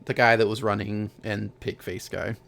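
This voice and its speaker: A man's voice: lowish voice, flat delivery, moderate pace, creaky, fairly bright tone. A man playing a tabletop game, talking through his character's actions in a hesitant way, thinking aloud. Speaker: player. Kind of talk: casual tabletop game chat.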